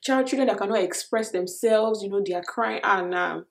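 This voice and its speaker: A young woman with a Nigerian accent talks through viewer questions in a relaxed vlog. She is expressive and animated, laughing often and trailing into fillers. Her voice sits at an ordinary middle pitch. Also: normal speed, creaky, a little hiss or hum. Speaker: vlogger answering viewer questions. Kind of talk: casual Q&A vlog.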